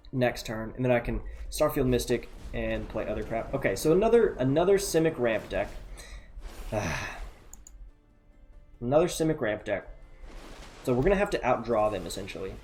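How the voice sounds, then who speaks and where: A man's voice: mid-range voice, fairly quick, faint music behind. Man thinking aloud over a card game. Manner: thinking aloud, relaxed and chatty, muttering asides. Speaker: gameplay commentator. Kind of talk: casual play-by-play of a card game.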